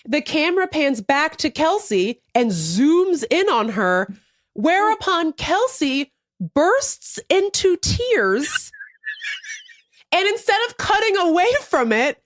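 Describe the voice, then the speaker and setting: A woman's voice: high voice, big pitch swings, slow pace, no room sound, clean studio sound. A woman co-hosting a podcast, telling a story animatedly in casual chat, acting out quotes and laughing often. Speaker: podcast co-host.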